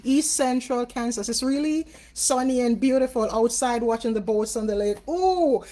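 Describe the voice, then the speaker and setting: Jamaican woman, spiritual reader and live-stream host, casual and chatty, warm, slightly high voice. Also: steady tone, moderate pace. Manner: chatty, greets viewers by name, many fillers.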